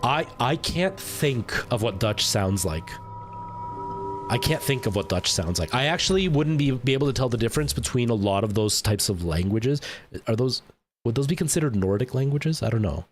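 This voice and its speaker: A man's voice: mid-range voice, expressive, normal speed, faint music behind. A man streaming a game live, chatting casually and thinking aloud with lots of fillers and restarts.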